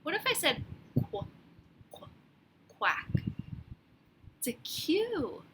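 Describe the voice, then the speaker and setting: A woman teacher giving a phonics lesson to young children, slowly sounding out letters with encouragement, outdoors on a deck. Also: extremely high pitch, big pitch swings. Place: outdoors on a deck by a lake, rain starting. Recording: loud outdoor noise.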